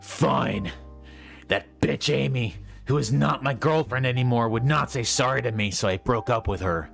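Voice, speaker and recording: A man voicing a brooding, angry teenage male hedgehog who talks slowly and sullenly. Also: mid-range voice, creaky, a bit bright, soft background music, voice pushed up. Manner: sullen, slow and sneering.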